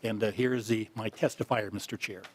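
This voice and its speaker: A man, a legislator, presents his bill to a committee in a plain, halting way. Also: on the low side, steady tone, breathy edge. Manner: plain, halting, many fillers.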